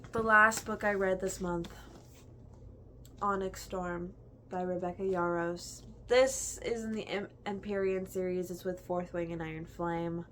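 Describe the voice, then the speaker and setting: A woman's voice: fairly low pitch, fairly even intonation, a little slow, fairly bright tone, a little hiss or hum. A young woman in a casual book review chat, gushing and chatty, filling her talk with "like". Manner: gushing, chatty, heavy use of "like".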